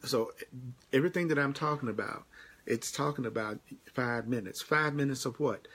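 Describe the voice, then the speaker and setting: A man's voice: mid-range voice, moderate pace, a bit bright, breathy edge. Guy doing a live spiritual lesson, plain mid voice, keeps hammering the same lines over and over. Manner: repetitive, emphatic, repeats key phrases; answers viewer comments by name. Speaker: spiritual teacher. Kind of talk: live-streamed spiritual teaching.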